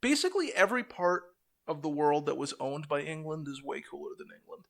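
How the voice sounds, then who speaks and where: A young man with a gravelly, fry-laden voice pitched a little high, talking loosely on a podcast. He rants with animated, profane energy, moving quickly from one gripe to the next. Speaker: podcast co-host. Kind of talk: casual chat.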